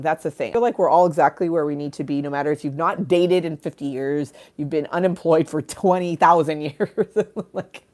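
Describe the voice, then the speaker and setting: A woman's voice: on the low side, a little mellow. A woman hosting a livestream in casual chat, rambling and candid, laughing often and swearing freely. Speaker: livestream host.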